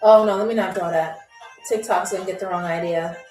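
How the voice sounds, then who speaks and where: A woman's voice: lowish voice, fairly even intonation, a little fast, a little mellow, faint music behind. A woman hosting a live-stream game show, chatting with viewers in a playful, teasing, sarcastic way. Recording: echoey room.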